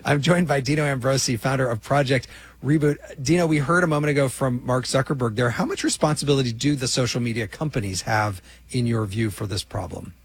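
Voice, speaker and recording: Husky-voiced male radio host. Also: medium pitch, a little fast, no room sound. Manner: relaxed, conversational, teasing. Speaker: host of a national call-in show. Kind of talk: radio call-in talk.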